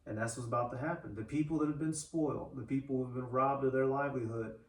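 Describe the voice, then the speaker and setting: A man's voice: medium pitch, steady tone, fast talker. A man co-hosting a casual religious discussion, talking bluntly and emphatically, swearing freely. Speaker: co-host. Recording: echoey room, distant mic, faint noise.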